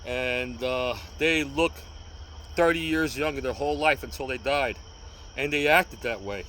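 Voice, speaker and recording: A man's voice: mid-range voice, a little slow, sharp tone, slight background noise, poor audio. A man in his sixties from New York, vlogging outdoors about cane self-defense in an earnest, repetitive, pleading way. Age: 60s. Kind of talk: casual outdoor vlog.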